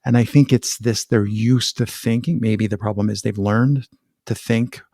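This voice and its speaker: A man's voice: fairly low pitch, moderate pace, no room sound. Playful man hosting, dry close sound. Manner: animated, self-deprecating, laughs often. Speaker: podcast host. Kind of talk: conversational podcast interview.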